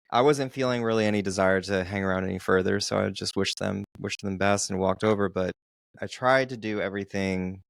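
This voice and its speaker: A man co-hosts a casual podcast, talking in slow, deliberate stretches and often restarting his sentences. His voice sits low with a gravelly edge. The sound is close and dry. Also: dry recording. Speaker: podcast co-host, dating coach.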